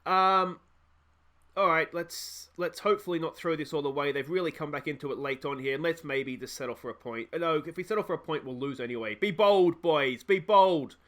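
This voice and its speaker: Excitable Australian man calling his game. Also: fairly high pitch, fairly quick. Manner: excitable, shouts at goals, frets over tactics aloud. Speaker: gaming YouTuber. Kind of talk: let's play commentary.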